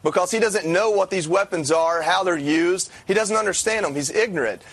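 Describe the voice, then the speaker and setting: A man on a podcast lays out blunt opinions with emphatic, pointed delivery. His voice sits a little high and sounds husky, recorded dry and close. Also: fairly quick, fairly bright tone, dry recording. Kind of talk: opinion commentary.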